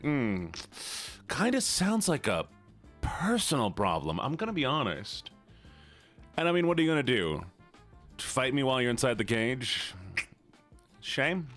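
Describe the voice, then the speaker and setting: A man live-streaming in a playful, teasing way, chatting with his viewers. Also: fairly bright tone. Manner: playful, teasing, squeals high when mock-upset. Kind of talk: casual live-stream chat.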